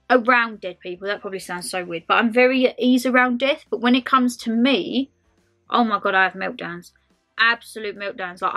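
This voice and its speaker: Chatty bright-voiced woman in her twenties. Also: medium pitch. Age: 20s. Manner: chatty, rambling, calls viewers "my lovelies". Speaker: lifestyle vlogger. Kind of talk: casual Q&A chat to camera.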